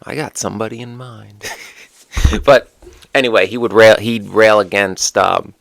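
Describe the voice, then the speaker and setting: Deep gravelly man musing to camera. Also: fairly even intonation, a little slow, a bit bright, no room sound. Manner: musing, rhetorical questions, sardonic asides. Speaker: witchcraft content creator. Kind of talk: casual monologue to camera.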